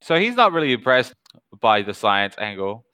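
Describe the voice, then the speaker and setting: A man running a tabletop horror game as game master, narrating in a calm, measured way that slows down for tension. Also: mid-range voice, clear, resonant tone, dry recording, poor audio.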